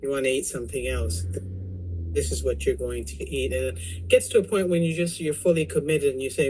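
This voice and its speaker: A woman's voice: extremely low pitch, brisk, a little hiss or hum, poor audio. A woman in a weight loss support group, chatting on a video call and acting out the voices in her story. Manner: animated storyteller, acts out quoted voices. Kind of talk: casual video call chat. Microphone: computer mic on a video call.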